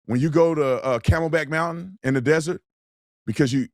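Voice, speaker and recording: A man's voice: a little high, fairly quick, darkish tone, no room sound, clean studio sound. A man giving blunt, mocking, heated commentary on video clips, with slangy, colloquial speech. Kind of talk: opinionated commentary.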